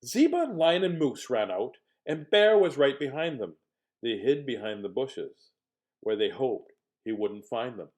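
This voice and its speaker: A man's voice: mid-range voice, very animated, a little slow, a little mellow. A man reading a picture book aloud, playful with jokes and asides. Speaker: storybook reader.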